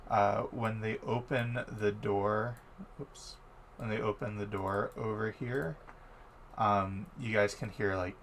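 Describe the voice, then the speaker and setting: A man narrating as game master of a tabletop game, unhurried and hesitant, with many fillers. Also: on the low side, steady tone, a bit bright, slight background noise.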